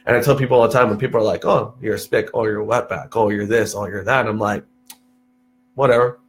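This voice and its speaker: A man's voice: on the low side, fast talker, slight background noise. A young man from Texas, a podcast guest, telling stories in casual chat, swearing freely and saying "dude" a lot. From Texas, USA. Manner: animated storyteller, swears freely, peppers talk with "dude".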